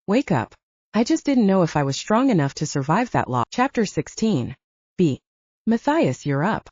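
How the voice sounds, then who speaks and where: A woman reading a first-person supernatural novel aloud as an audiobook narrator, with expressive storytelling. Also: on the low side, no room sound, dull audio.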